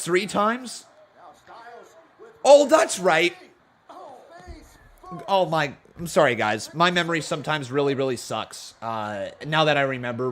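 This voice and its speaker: A man hosting a live wrestling watch-along, chatting casually and getting excited at big moments. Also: mid-range voice. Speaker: live stream host.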